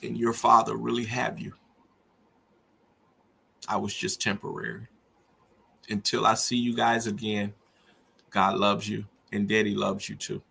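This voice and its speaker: A man's voice: lowish voice, level tone, a little slow, gravelly, long pauses, sharp tone, a little hiss or hum. A middle-aged man hosting a podcast, talking earnestly and preacherly about grief and faith. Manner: earnest, preacherly, rising with feeling. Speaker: podcast host. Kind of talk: emotional personal monologue.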